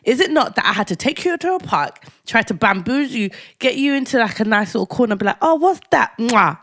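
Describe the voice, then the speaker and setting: A woman's voice: a little high, expressive, quick pace, fairly bright tone, no echo. A woman co-hosting a podcast in casual chat, playful and teasing, often talking over her partner. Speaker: podcast co-host.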